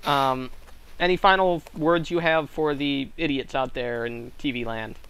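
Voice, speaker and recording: A man hosting a casual comedy podcast, trading dry, deadpan banter. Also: medium pitch, unhurried, smooth, poor audio. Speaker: podcast host.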